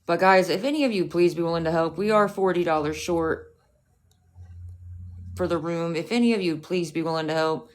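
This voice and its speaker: A woman's voice: on the low side, normal speed. A woman livestreaming, talking back to her chat in a profane, confrontational, scolding rant.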